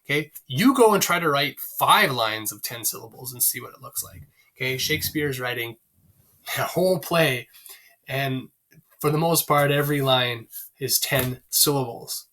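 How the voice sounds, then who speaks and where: A male teacher talks through a literature lesson with a bright, forceful edge to his voice. He keeps it chatty, with plenty of fillers and rhetorical questions to his students. His pitch sits in an ordinary middle range. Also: expressive, normal speed, slight background noise. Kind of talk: recorded literature lecture.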